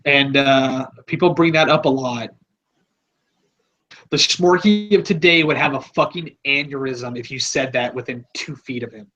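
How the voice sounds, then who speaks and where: A man's voice: medium pitch, moderate pace, pushed and bright, highs cut off. A man hosting a podcast, talking in a rambling, offhand, casual way and swearing freely. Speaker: podcast host.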